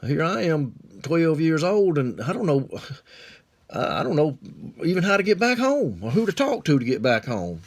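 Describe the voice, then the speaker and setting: A man's voice: fairly high pitch, sing-song, normal speed. Folksy Southern man telling a tale. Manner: drawling, rambling, colloquial. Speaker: storyteller. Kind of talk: folksy storytelling.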